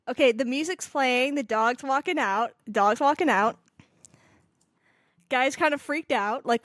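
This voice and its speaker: A woman hosting a casual reaction video, excitable and thinking aloud as she talks to her viewers. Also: sits high, unhurried, pauses often, dry recording, clean studio sound. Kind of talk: casual chat.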